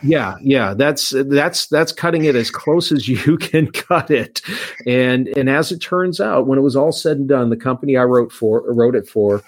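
A man's voice: medium pitch, normal speed, dry recording. A man who works as an insurance agent, telling a long personal story in a casual, rambling way with frequent restarts. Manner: anecdotal, many restarts.

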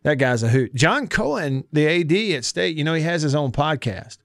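Southern male sports radio host, folksy, slightly high voice, dry studio sound. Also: sing-song, moderate pace, dry recording. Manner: chatty, folksy, reads listener texts aloud. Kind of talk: casual sports talk radio. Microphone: studio mic.

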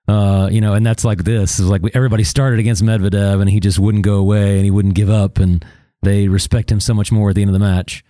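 Male podcast co-host, low warm voice, dry sound, relaxed chatty analysis. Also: quick pace, no room sound. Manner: easygoing, laughs often, chatty analysis. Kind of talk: casual sports chat.

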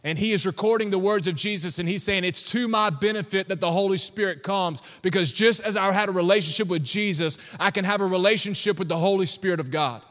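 A pastor, preaching a sermon with animated storytelling and laughter. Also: male voice, high voice, quick pace, hardly any pauses. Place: church hall. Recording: long reverb of a church hall.

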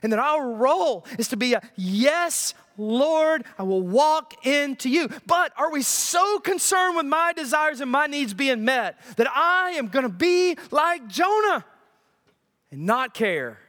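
A male pastor preaching a sermon in an animated, joking way, often asking the congregation questions. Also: very high voice, unhurried.

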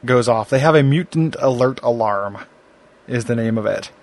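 A man co-hosting a podcast, chatting casually and wryly about a cartoon, tossing in quick imitations. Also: medium pitch. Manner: wry, quick asides with put-on character voices. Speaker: podcast co-host. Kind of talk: casual chat reviewing a cartoon.

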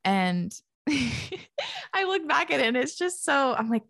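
A woman's voice: fairly high pitch, very animated, moderate pace, creaky, a bit bright, no room sound, clean studio sound. A young woman talking casually as a podcast guest. She is chatty, says "like" a lot and laughs often. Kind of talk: casual conversation.

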